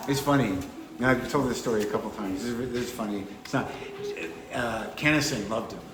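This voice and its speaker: A man, a comedian, chatting casually and telling rambling, wry anecdotes, slipping into quick impressions. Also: mid-range voice, reverberant, noisy background. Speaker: comedian guest. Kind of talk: casual storytelling chat. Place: comedy club.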